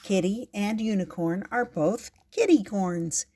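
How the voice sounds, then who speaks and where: Older woman, grandmother storyteller, gentle read-aloud, slow. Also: medium pitch. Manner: gentle, unhurried. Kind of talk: reading a picture book aloud.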